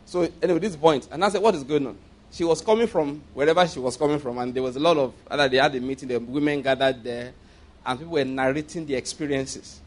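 A man's voice: medium pitch, quick pace. A man preaching to a congregation, telling a personal story. He often repeats himself, laughs mid-sentence and asks the listeners rhetorical questions. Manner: repeats phrases, laughs often while speaking. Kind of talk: sermon storytelling.

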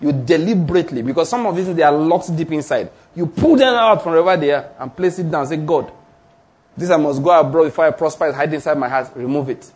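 A man's voice: a little high, animated, fast talker, a little mellow, breathy edge. A man preaching a sermon, emphatic, asking his listeners questions and repeating declarations.

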